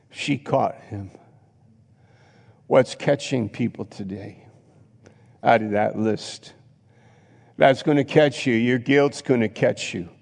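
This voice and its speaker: Male pastor, gravelly, preaching emphatically in a reverberant church hall. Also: lowish voice. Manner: emphatic preaching with sudden loud rises and repetition. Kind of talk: sermon.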